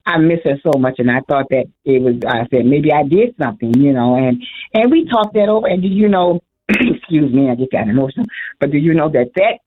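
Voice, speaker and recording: A woman's voice: a bass voice, lively intonation, brisk. Older woman calling in over the phone. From Illinois. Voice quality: emotional, rambling with many restarts. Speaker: caller. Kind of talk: call-in radio conversation. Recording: phone line.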